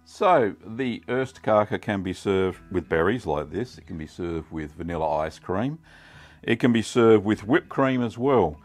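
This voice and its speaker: A middle-aged Australian man hosting a casual cooking vlog, chatty and relaxed with many ums. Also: on the low side, a little slow, faint music behind. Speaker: cheesemaking channel host.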